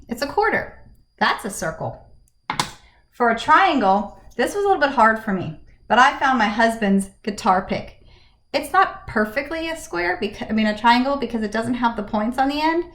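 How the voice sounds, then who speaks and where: A woman teacher giving a slow, encouraging lesson to children from her home, asking them questions in a sing-song way. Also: fairly high pitch, fairly bright tone. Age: adult, married with a young son. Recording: echoey room.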